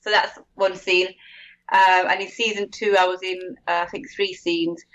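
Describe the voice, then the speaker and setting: A woman's voice: fairly low pitch, flat delivery, moderate pace, a bit bright, muffled recording. A British woman talking casually as a podcast guest, chatty and laughing often, acting out little quotes. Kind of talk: casual chat.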